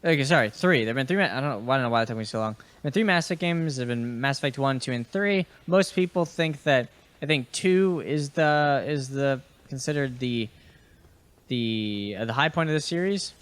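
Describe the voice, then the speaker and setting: A clear, resonant, somewhat bright medium-pitched voice, a little fast, belongs to a young host and gamer. His casual gaming podcast commentary while playing is rambling and chatty, with fillers, restarts, offhand swearing, and remarks to enemies on screen.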